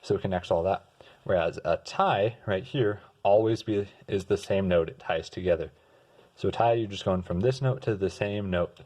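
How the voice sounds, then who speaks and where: Young man, casual music tutor, lowish voice, relaxed, sings bits of melody. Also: normal speed. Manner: relaxed, sings example notes and restarts words. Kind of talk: casual explanatory lesson.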